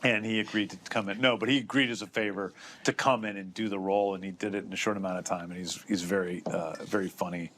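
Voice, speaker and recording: A middle-aged man hosting a podcast, telling behind-the-scenes stories in a relaxed, casual way with filler words. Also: on the low side, quick pace, hardly any pauses, a little hiss or hum. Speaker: podcast host and showrunner.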